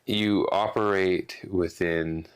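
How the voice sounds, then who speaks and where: A man's voice: low voice, steady tone, slow pace, clean tone. A man co-hosting a casual podcast, rambling through a rant with restarts and some swearing. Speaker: podcast co-host.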